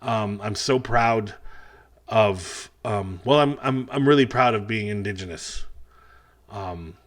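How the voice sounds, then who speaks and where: A man's voice: lowish voice, slow pace. A middle-aged man doing a stand-up set for a virtual festival, rambling and self-deprecating with a wry edge. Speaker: stand-up comedian.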